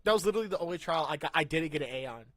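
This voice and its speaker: A young man hosting a casual podcast, rambling and excitable, ranting and laughing into a mic run through a soundboard. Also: fairly high pitch, racing, no room sound. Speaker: podcast host.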